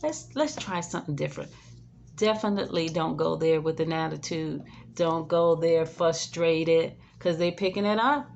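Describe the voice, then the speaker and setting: A woman caregiver talking through casual advice in a lowish, gravelly voice. She keeps checking in with "right?" and "okay?" and softens to a soothing hush at times. There's a faint hum of background noise. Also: normal speed, muffled recording. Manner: chatty, ends phrases with "right?" and "okay?"; soothing, drops to a hush when modeling calm words. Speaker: in-home caregiver. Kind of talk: casual advice talk to camera.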